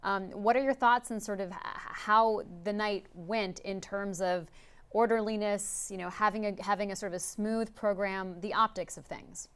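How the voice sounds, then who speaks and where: A woman's voice: medium pitch, fairly even intonation, normal speed, clear, resonant tone. A young adult woman anchoring a live political news panel, asking panelists conversational questions.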